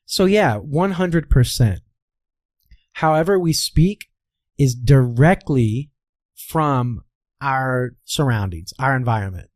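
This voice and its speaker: Speaking slowly with lively intonation, this Kansas-born voice coach tells stories during a conversational interview, frequently saying "all right." His softened Midwestern accent comes through in a mid-range, somewhat mellow voice with no echo.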